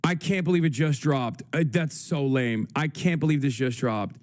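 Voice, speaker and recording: A man's voice: fairly high pitch, normal speed, darkish tone. A young man hosting a livestream, reacting frantically and swearing as he thinks aloud. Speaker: livestream host. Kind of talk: casual livestream commentary.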